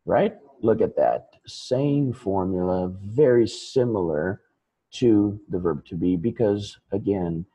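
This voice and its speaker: Slow, patient male English teacher. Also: fairly low pitch, dark tone, husky, low-quality recording. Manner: slow, patient, repeats points with example sentences. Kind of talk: explaining grammar in a lesson.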